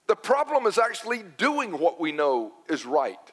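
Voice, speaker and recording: High-voiced preacher in a reverberant hall. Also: male voice, huge pitch swings, moderate pace, a bit bright. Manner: storytelling, emphatic with repeated phrases. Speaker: pastor. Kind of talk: sermon. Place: church sanctuary.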